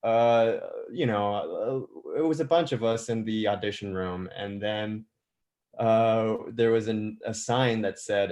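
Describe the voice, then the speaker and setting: A man's voice: lowish voice, slow pace, a little mellow. A young adult man actor on a press panel, telling stories with restarts and chuckles. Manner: storytelling, repeats words, chuckles. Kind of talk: virtual press conference answer.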